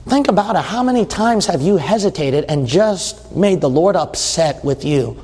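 A man's voice: sits high, animated, moderate pace, darkish tone, slightly rough. A man preaching a sermon in a church, emphatic and conversational, who keeps repeating his points and drops in casual asides. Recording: long hall reverb.

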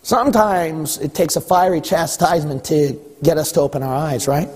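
Husky high-voiced preacher in a hall. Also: male voice, normal speed. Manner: emphatic, rising to shouts, acts out voices of God and listeners. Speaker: pastor. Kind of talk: sermon.

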